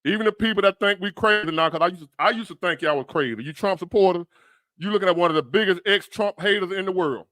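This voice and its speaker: A man doing fired-up reaction commentary, blunt and profane, talking in a rambling way. His voice sits a bit high and sounds bright and forceful. The sound is dry and close. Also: quick pace, no echo. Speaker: livestream commentator. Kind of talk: reaction commentary on a news clip.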